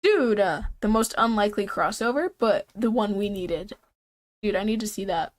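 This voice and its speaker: A woman's voice: medium pitch, lively intonation, moderate pace. A young woman with a stuffy, congested voice chats casually on her stream. She rambles loosely and laughs often as she talks.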